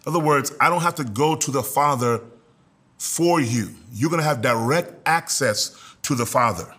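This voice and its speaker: A man preaching a sermon as pastor, in an animated style with call-and-response to his listeners. He slows down to stress key words and rises into loud exhortation. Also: mid-range voice, slightly rough.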